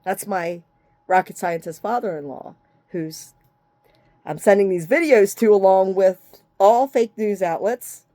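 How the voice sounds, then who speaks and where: A woman's voice: medium pitch, a little slow, mellow, no room sound, studio quality. A woman giving a rambling, agitated rant straight to the camera, swearing freely and jumping from topic to topic in broken fragments. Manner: agitated, profane, jumps between topics; speaks in fragments with frequent restarts.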